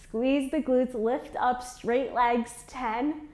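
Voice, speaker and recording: A woman's voice: sits high, steady tone, drawn-out words, a little mellow. A woman leading a beginner plank workout, counting down holds and coaching form, strained while doing the moves herself. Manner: counts reps aloud while exercising, strained on hard holds. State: shaking from effort during holds. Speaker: fitness instructor. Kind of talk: guided workout instruction.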